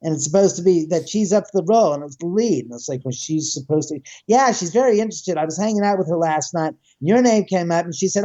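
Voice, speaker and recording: Animated, rambling man with a high voice. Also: quick pace, hardly any pauses, no echo, muffled recording. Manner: animated, rambling, swears freely. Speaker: guest, house owner. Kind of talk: casual storytelling chat.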